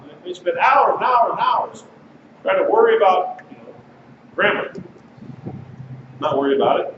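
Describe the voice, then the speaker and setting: A man's voice: fairly high pitch, expressive, quick pace. A man preaching a sermon as pastor, talking to the congregation in a conversational way and reading passages aloud. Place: congregation sanctuary. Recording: distant mic, echoey sanctuary, dull and noisy.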